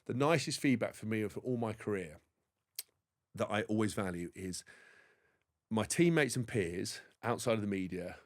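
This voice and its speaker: A man in his forties, a former rugby player from England, telling rambling, animated stories as a podcast guest. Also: on the low side, normal speed, pauses often. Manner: rambling, animated anecdotes with frequent restarts. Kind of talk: casual interview storytelling.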